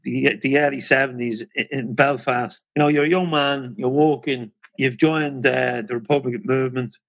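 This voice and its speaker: A man's voice: medium pitch, fairly even intonation, moderate pace, gravelly. A man in his forties hosting a podcast, framing long scene-setting questions in a casual interview. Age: 40s. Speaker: podcast host.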